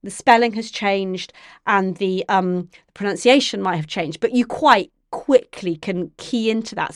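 A woman literature professor, answering an interviewer in a thoughtful, explanatory way, often pausing and restarting her sentences. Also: mid-range voice, no room sound, studio quality. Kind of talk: academic interview.

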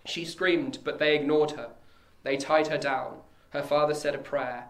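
A man giving a measured, solemn dramatic verse reading. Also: fairly high pitch, steady tone. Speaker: reader. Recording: echoey room.

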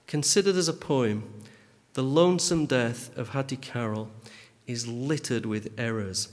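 A man reads a spoken critique in a measured, dry and pedantic way. His voice sits in an ordinary middle pitch. A long, lingering reverb trails after each phrase. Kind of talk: reading a literary critique aloud.

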